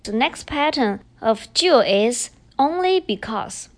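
A woman hosting a language-learning podcast, with a fairly high voice that rises and falls a lot. She explains grammar patterns patiently and repeats each example sentence clearly. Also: lively intonation, slow pace. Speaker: podcast host and Chinese teacher. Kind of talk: bilingual language lesson.

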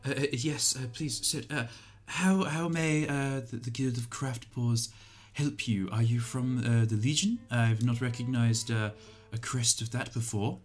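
A man's voice: mid-range voice, measured pace, close to an everyday voice. A man voicing a tall, thin, nervous male rat engineer who stammers politely.

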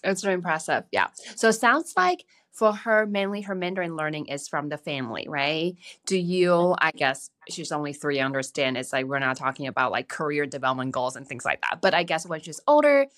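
A woman co-hosting a casual interview, asking measured, curious questions. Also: low-pitched, expressive, fairly bright tone. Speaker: co-host.

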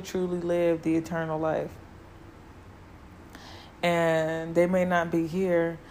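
A woman's voice: on the low side, darkish tone, a little hiss or hum. A woman hosting her own podcast, talking casually and earnestly, repeating key words to encourage her listeners. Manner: loose and conversational with filler words. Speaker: podcast host. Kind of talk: casual solo podcast talk.

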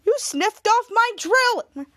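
A woman's voice: extremely high pitch, expressive, a little slow, a bit bright, no room sound, heavily acted. A woman doing a wailing, whiny male supervillain. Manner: wailing, exaggerated complaining.

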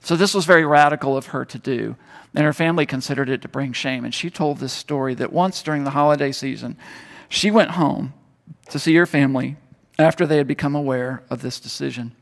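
A man preaching a sermon, telling a story and moving between loud emphasis and hushed tones. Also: medium pitch, gravelly. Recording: long hall reverb.

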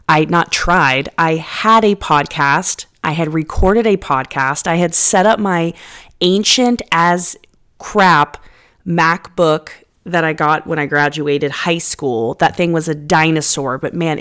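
A woman in her thirties hosting a casual solo podcast from her apartment, chatty and rambling, with self-deprecating asides and casual swearing. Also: deep voice. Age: 30s. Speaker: podcast host. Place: apartment room. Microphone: podcast microphone.

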